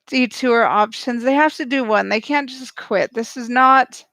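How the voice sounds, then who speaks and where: A woman giving snarky, excitable live reaction commentary as she watches a show and cheers at the screen. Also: a little high, measured pace, no echo. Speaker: show recap host.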